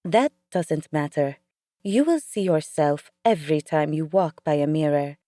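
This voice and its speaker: A woman voicing a kind, bustling female caretaker with an Eastern European accent, coaxing and brisk. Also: sits low, lively intonation, dark tone, no echo, studio quality. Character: kindly female caretaker with a foreign lilt.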